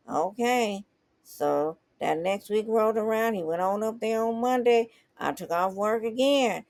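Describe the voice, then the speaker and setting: A woman telling a comedy story with an animated, folksy manner. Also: medium pitch, a little slow, no room sound.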